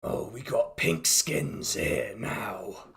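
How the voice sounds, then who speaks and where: A man voicing a huge, distrustful male orc war chief in a tabletop game, speaking in a gruff, menacing, slow way. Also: fairly low pitch, a bit bright, voice pushed down, exaggerated voice. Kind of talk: tabletop role-play voice.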